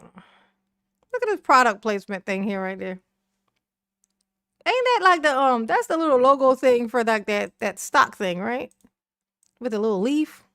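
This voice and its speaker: Sassy high-voiced woman, frequent laughter. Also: sing-song, measured pace, pauses often, a bit bright, smooth, dry recording, clean studio sound. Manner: sassy, profane, laughs often. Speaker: reaction channel host. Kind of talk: casual commentary on a clip.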